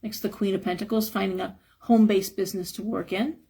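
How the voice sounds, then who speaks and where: A hoarse woman reads tarot cards live with a gravelly, crackling edge to her voice. Her tone is husky and a little worn. She talks frankly, giving advice, with the odd chuckle. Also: medium pitch, fairly even intonation, fast, warm tone. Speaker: tarot reader.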